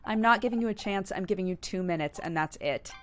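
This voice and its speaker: A woman's voice: medium pitch, fast talker, fairly bright tone, faint music behind, natural voice. A woman voicing a bitter, defiant young woman detective in a video game, cutting and sarcastic.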